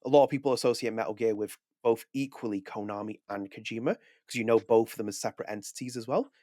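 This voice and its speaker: A man co-hosting a video podcast, talking casually in a rapid, animated way with frequent restarts. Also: fairly low pitch, no echo, studio quality. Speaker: podcast co-host. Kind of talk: casual chat.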